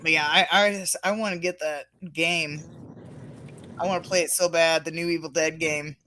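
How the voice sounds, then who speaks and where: A woman's voice: sits low, fairly even intonation, normal speed, pushed and bright, a little hiss or hum. A woman hosting a casual livestreamed podcast, reading out and answering chat comments. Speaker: podcast host.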